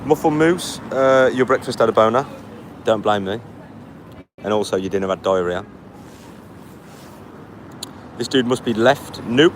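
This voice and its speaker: A man's voice: medium pitch, moderate pace. A tired man on a long walk, reading live chat aloud and firing back blunt, mocking retorts. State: tired from walking. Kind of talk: casual live-stream chat. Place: outdoors by a street on a walk. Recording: faint street noise behind.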